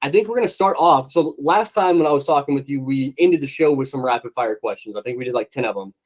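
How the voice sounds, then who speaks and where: A man's voice: medium pitch, quick pace, poor audio. Chatty male podcast host. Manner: chatty, many fillers, friendly. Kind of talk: casual interview.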